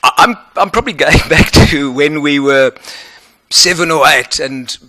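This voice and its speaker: A man with a South African accent answering questions as an advocate in a formal interview, earnest and measured. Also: fairly high pitch, pushed and bright, dry recording.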